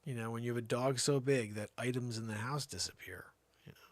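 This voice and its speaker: A man hosting a comedy show, telling a rambling tall tale that swings from shouts to mutters. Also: mid-range voice, brisk, no echo. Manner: animated storytelling, swinging between shouts and mutters. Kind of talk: rambling comic monologue.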